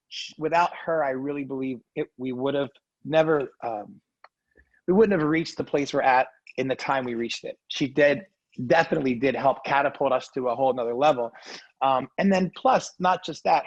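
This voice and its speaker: Gravelly-voiced earnest man. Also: mid-range voice, dry recording, highs cut off. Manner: earnest, emotional, quick asides like "right?". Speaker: interview guest. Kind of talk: heartfelt casual storytelling.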